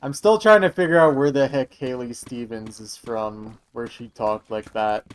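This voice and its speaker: A man's voice: medium pitch, normal speed, smooth, poor audio. A young man from Michigan, chatting casually and joking with his live-stream viewers. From Michigan, USA. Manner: chatty, joking, answering chat.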